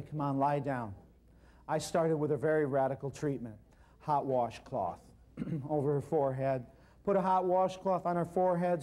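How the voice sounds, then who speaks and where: A man giving an animated seminar talk, telling a story and addressing the audience directly. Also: on the high side. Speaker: natural healing speaker.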